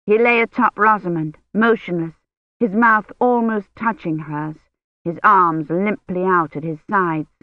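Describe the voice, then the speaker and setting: An audiobook narrator reading a novel in an even, measured way. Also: mid-range voice, no echo. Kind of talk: scripted narration. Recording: dull dry lo-fi audio.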